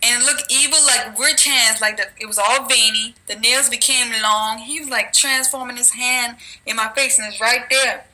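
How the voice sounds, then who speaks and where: A woman's voice: fairly high pitch, fairly even intonation, normal speed, few pauses, bright, forceful tone, rough recording. A woman telling a religious dream in a rambling, casual way, with restarts, and at times reading scripture aloud. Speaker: religious video maker.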